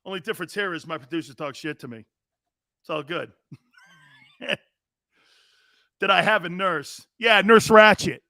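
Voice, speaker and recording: Guy hosting a sports talk show, kinda high voice, jokey and rambly, keeps cracking himself up. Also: normal speed, creaky, pauses often, pushed and bright, no echo, studio quality.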